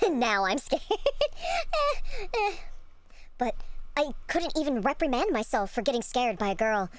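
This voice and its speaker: Lively woman reading a game aloud. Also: fairly high pitch, moderate pace, no echo. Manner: animated, laughs often, joking asides. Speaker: gaming streamer.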